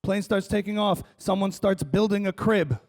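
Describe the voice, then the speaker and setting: A man doing a stand-up comedy set on a conference stage, wry and animated, playing to the crowd. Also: high-pitched, normal speed. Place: large conference hall stage.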